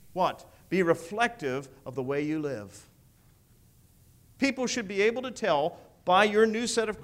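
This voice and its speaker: A man with a fairly high pitch preaches an expository sermon, growing emphatic and loud on key phrases and frequently asking his listeners questions.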